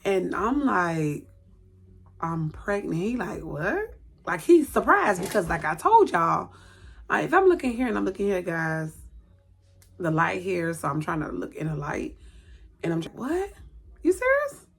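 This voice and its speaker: At home by a light, a woman in her late thirties recounts a personal story to the camera, repeating words for emphasis and voicing what others said. Her voice sits on the low side, creaky and husky, animated yet unhurried.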